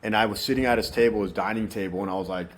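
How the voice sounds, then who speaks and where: A man's voice: on the low side, steady tone, rapid-fire, noisy background. A man telling his story as an interview guest, frank and rambling, swearing freely as he goes.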